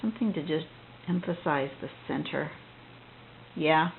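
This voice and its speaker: A woman's voice: lowish voice, expressive, a little slow, gravelly, long pauses. A woman teaching a drawing tutorial, talking casually and thinking aloud as she works, rambling with frequent restarts. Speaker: drawing instructor. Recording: tinny phone-like audio with faint noise.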